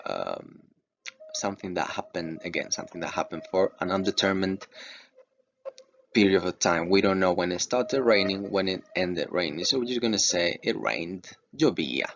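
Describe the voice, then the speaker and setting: A man's voice: sits low, animated, moderate pace, a bit bright. A man teaching grammar over slides, explaining patiently and checking in with "okay" as he goes. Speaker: Spanish teacher. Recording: dull lo-fi voice recording with faint noise.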